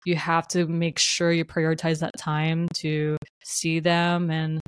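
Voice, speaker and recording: Chatty podcast woman, low and dry. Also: flat delivery, slow pace, clean tone, no echo. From New Jersey. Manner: chatty and warm-hearted, laughs often, loose filler-heavy rambling. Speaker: podcast host. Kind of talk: casual reflective monologue.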